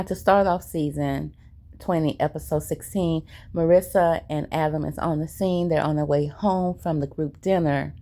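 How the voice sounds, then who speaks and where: A woman's voice: deep voice, creaky, mellow, a little hiss or hum. A woman giving a chatty, sassy recap of a reality show and acting out what the cast said. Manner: chatty and sassy, retelling scenes with quoted lines. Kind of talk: casual recap commentary.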